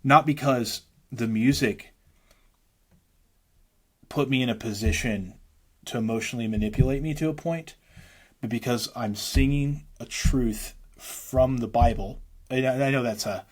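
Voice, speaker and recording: A man talking casually as an interview guest, a worship leader, rambling fast and breaking into lines of hymns. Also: medium pitch.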